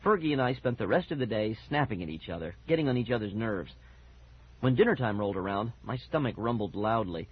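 A man narrates a children's story with expressive reading. His pitch moves a great deal and his voice has a husky, breathy edge. The recording is dull and lo-fi. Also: a little fast. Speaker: audiobook narrator.

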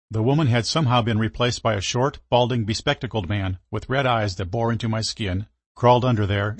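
A man reading a first-person story aloud in steady scripted narration. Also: fairly low pitch, dry recording.

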